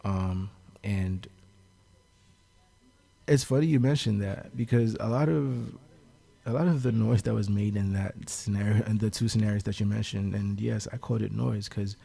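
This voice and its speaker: A man talking as a podcast guest, thoughtful and measured, often pausing on fillers. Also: lowish voice, creaky, warm tone, husky. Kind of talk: casual podcast discussion.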